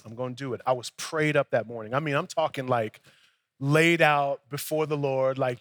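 A man's voice: medium pitch, normal speed, a bit bright, dry recording. A young adult male pastor preaching a sermon in a conversational storytelling way, acting out both sides of his dialogues.

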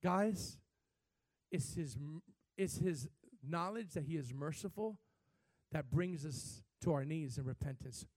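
A man preaching a sermon as pastor, talking animatedly, with sudden swells in pitch and loudness. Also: measured pace, no echo.

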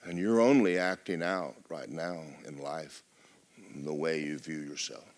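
A middle-aged male pastor, preaching loudly and with life, often dropping to a hush. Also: rumbling low, unhurried. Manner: loud, lively preaching with sudden drops to a hush. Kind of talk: sermon. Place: church.

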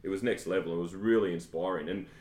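A man's voice: low-pitched, fast, a little mellow. A man hosting a podcast, asking questions in an enthusiastic, encouraging way. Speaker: podcast host. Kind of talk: casual podcast interview. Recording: roomy sound.

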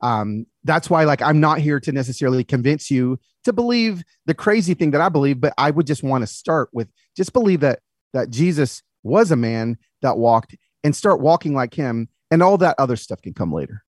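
A man speaks as a podcast guest with earnest, animated energy. His voice is mid-pitched and sounds dry and close, with no room around it. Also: normal speed, no echo. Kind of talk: casual conversation.

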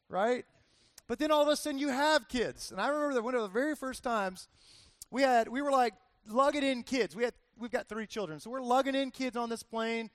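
Chatty high-voiced pastor preaching casually. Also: male voice, no room sound. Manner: conversational, chatty, frequent "like" and "right?" asides. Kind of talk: casual sermon with personal stories.

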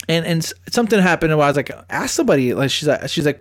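A man hosting a podcast, telling stories in a crude, animated casual chat. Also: on the high side, quick pace. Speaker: podcast host.

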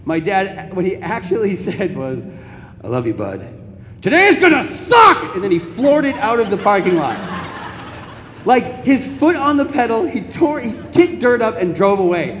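A young man giving a Catholic talk to an audience, telling comic personal stories in an animated, joking way. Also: sits high, normal speed, slight background noise. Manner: animated, comic storytelling with laughs. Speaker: Catholic speaker. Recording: echoey hall, faint ambience.

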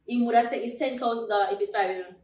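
A young woman co-hosting a podcast in casual chat, lively and laughing, quoting her family. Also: on the high side, rapid-fire, distant mic. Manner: lively, laughs often, quotes family members. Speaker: podcast co-host. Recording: roomy echo, away from the mic, faint background noise.

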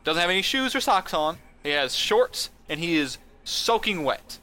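Bright, crisp-voiced man telling a story. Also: sits high, very animated. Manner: detailed, measured storyteller. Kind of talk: casual storytelling chat.

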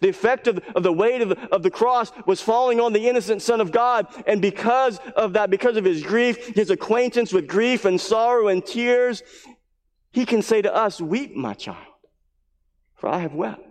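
A man preaching a sermon as pastor, earnest, repeating his phrases and dropping to a hushed voice for emphasis. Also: sits high, moderate pace. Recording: long hall reverb.

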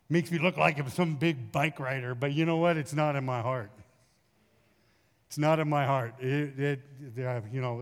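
A middle-aged man, a pastor, preaching a sermon in a folksy storytelling way with lively acted asides. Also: medium pitch. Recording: long hall reverb.

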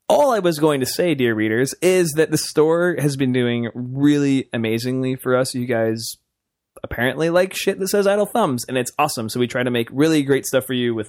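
A man's voice: medium pitch, no echo. Young male host, casual, jokey, rambling, dry studio sound. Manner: joking, rambling, laughs a lot. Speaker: podcast host. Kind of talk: casual chat.

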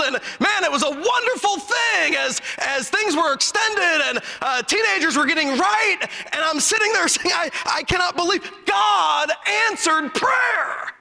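A male preacher delivering a fervent sermon, telling stories and breaking into emphatic shouts. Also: very high voice, creaky, in a large hall.

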